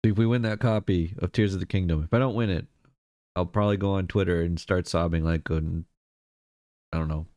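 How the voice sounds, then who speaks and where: A man's voice: sits low, a little fast, warm tone, dry recording, clean studio sound. A man streaming live, chatting casually and greeting viewers one by one. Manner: chatty, greets viewers by name, laughs easily.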